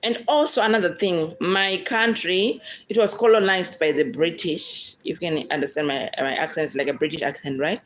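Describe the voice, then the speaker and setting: A woman's voice: fairly low pitch, normal speed, few pauses, low-quality recording. A woman with a Zimbabwean accent, a native Shona speaker, chatting with viewers in a casual question-and-answer vlog, talking to them directly and laughing often.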